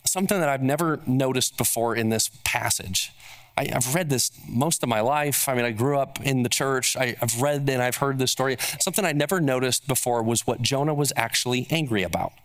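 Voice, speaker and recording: A man's voice: a little fast, a bit bright. A man preaching a sermon as pastor, stressing points with repeated rhetorical questions and acting out the words of those he quotes. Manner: acts out quoted speech with shifting pitch.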